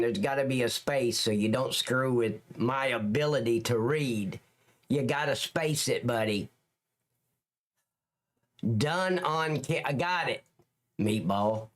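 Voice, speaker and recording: This livestream host is a man from lower Alabama with a Southern Alabama accent and a fairly high, slightly bright voice. He rambles and jokes, addressing his chat viewers by name.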